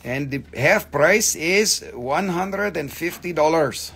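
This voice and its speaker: A man's voice: on the high side, animated, slow, a bit bright, a little hiss or hum. A man hosting a live online rock and mineral sale, chatting casually, joking and swearing as he shows off pieces and their prices. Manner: profane, joking, breaks into snippets of song. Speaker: live-stream crystal seller. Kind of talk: casual live sales chat.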